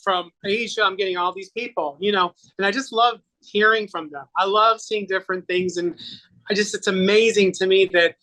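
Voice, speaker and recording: Bright, animated man telling stories. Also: high-pitched, moderate pace, poor audio. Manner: animated storyteller, acts out quotes with laughs. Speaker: guest, makeover artist and singer. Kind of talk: casual interview chat.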